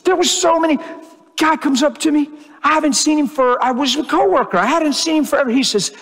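A man preaching a sermon, telling stories in an animated, emotional way and acting out the people he quotes. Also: very high-pitched, brisk. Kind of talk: sermon storytelling. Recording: long hall reverb.

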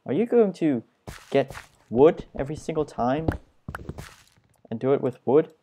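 A young man giving casual, self-mocking commentary while he plays a video game, dropping puns in a flat tone. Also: a little high, a little slow, slight background noise. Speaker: Let's Play gamer.

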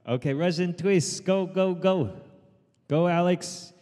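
A man leading an outdoor group workout as trainer, calling out counts and urging people on, with quick asides in Cantonese. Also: high voice, big-room sound. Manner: shouted counting and encouragement, switching into Cantonese asides. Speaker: fitness trainer. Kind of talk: live workout coaching. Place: outdoors in the sun.

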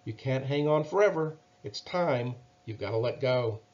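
A man voicing a tall, gentle mother oak tree in a storybook, speaking calmly and reassuringly. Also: mid-range voice, moderate pace, dull audio, close to an everyday voice. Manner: calm, reassuring.

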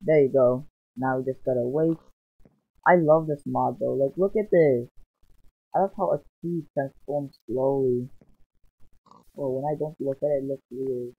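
A man hosting his gaming channel, giving casual, rambling commentary over his gameplay and often exclaiming with excitement. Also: on the high side, a little slow, long pauses, slightly rough. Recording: dull lo-fi sound. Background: faint background music.

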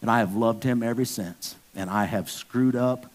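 A pastor in his fifties preaches a sermon in a candid, storytelling style, at medium pitch and normal speed. When he acts out stories, his voice jumps into sudden loud bursts.

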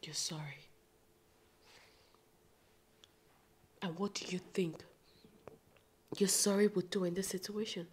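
An actress playing a furious, betrayed young wife who accuses and shouts. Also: female voice, high voice, big pitch swings, a little slow, slight background noise. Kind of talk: film drama acting.

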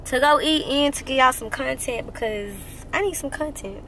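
Sitting in her parked car at night, a tired vlogger chats into her phone camera in a relaxed, slangy way, drawling sleepily through the casual talk. Her voice is high, bright and forceful at a normal speed, with a slight hiss or hum underneath.

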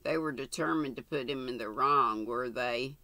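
An older woman reading a novel aloud, slow and deliberate, with chatty asides. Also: very deep voice, sharp tone, no echo. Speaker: audiobook reader.

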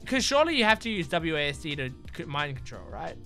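A woman hosting a gaming channel, chatting while she plays and reasoning out loud, quick to laugh. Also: deep voice, big pitch swings, music in the background. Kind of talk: casual chat while playing a game.

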